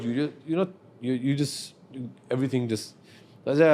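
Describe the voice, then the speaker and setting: A man's voice: medium pitch, fairly quick. A man, earnestly telling a personal story as a podcast guest. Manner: earnest, reflective, animated when telling stories.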